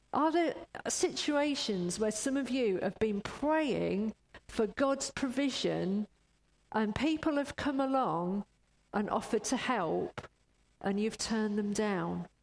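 A woman preacher giving a sermon, telling stories in an unhurried way, in a long church reverb. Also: a little high, darkish tone. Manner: unhurried, storytelling.

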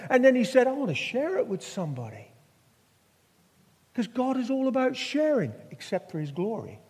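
A man's voice: very high voice, a little mellow, slightly rough. An older man from Norfolk, England, preaching a sermon with stories and rhetorical questions. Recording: long hall reverb.

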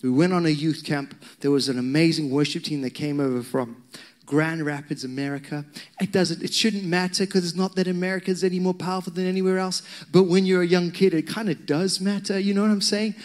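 Man, pastor, sermon, somewhat high voice, animated storytelling, talks straight to the crowd. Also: fairly quick.

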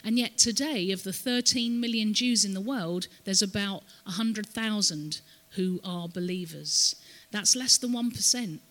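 In a church hall's long reverb, a visiting ministry guest teaches by telling the story and getting the audience to echo words after her. She speaks unhurriedly in a medium-pitched, fairly bright voice.

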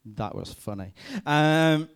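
A man, a youth pastor giving a lively talk to a youth group, checking in with them often. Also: on the high side, slow, vocal fry, smooth. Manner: lively, addresses the group with frequent "okay?" checks. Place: room with a live youth audience.

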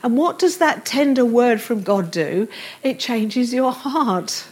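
A woman's voice: a little high, animated, slow pace, a little mellow, slightly rough. A middle-aged woman preaching a sermon, earnest and tender as she reads and explains scripture.

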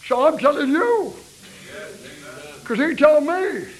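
A man's voice: very high voice, lively intonation, slow, crowd noise, low-quality recording. A man preaching a fervent revivalist sermon, repeating his refrain and breaking into tongues.

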